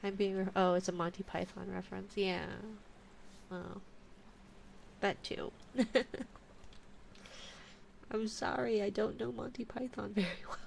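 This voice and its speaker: A woman streamer with a steady mid-range voice and vocal fry talks unhurriedly, pausing often as she chats casually with her audience. She mutters and grumbles while fixing her stream settings, against loud background noise and keyboard clicks.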